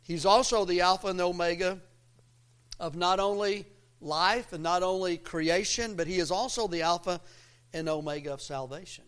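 A man with a high-pitched voice preaches a sermon. He builds into loud, emphatic lines, then drops to a low hush. His delivery is folksy and a bit scattered, and he interrupts himself. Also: normal speed, clean tone. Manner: preaching with rising, emphatic swells and quiet drops. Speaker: pastor.

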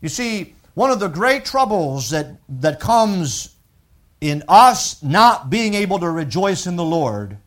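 A male preacher giving a sermon. He reads scripture slowly and preaches with rising emphasis and repetition. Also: sits high, very animated, a bit bright.

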